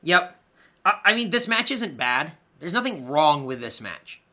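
Man, podcast co-host, bright clear voice, sarcastic, profane, exasperated. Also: fairly high pitch, big pitch swings, a little slow. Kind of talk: casual chat recapping wrestling.

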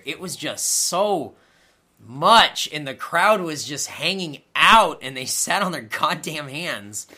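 A podcast co-host recaps wrestling in casual chat, full of sarcastic, exasperated remarks and plenty of swearing. His fairly high voice swings widely in pitch, and he talks slowly with a bright, forceful tone.

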